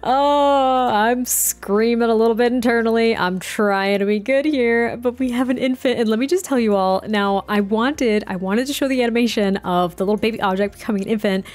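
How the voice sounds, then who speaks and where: A young woman giving bubbly, excitable and rambling commentary while she plays a life-sim game. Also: mid-range voice. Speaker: let's play host.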